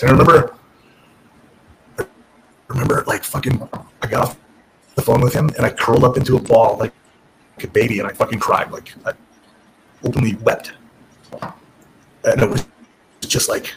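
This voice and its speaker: A man's voice: mid-range voice, fairly quick, gravelly, long pauses, noisy background. A middle-aged man, a former pro wrestler, candidly telling his career story in an interview, frank and profane, often restarting his sentences.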